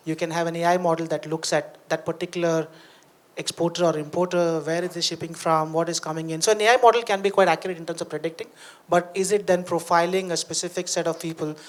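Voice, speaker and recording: Fast-talking man on an industry panel. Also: a little high. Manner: fast, conversational, tags points with "right?". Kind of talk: panel discussion answer.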